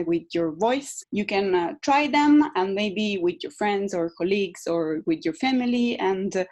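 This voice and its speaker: A woman's voice: mid-range voice, a little mellow. A woman teaching presentation skills in an online tutorial, with hesitant fillers and demonstrative emphasis. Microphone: video call.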